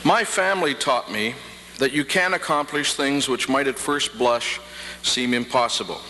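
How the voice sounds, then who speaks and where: A man's voice: medium pitch, bright, forceful tone, a faint crowd. Man speaking in a reverberant hall. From Prince Edward Island, Canada. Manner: measured, dry humor. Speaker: convocation speaker. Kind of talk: formal ceremonial address with jokes. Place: large hall. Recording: reverberant hall, faint hum, 1990 archive.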